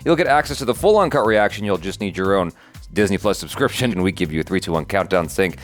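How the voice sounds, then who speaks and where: Male reaction host, deep, quick promo patter, faint music behind. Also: animated. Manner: upbeat, rapid promo patter. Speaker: co-host of a show reaction channel. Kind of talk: casual reaction chat.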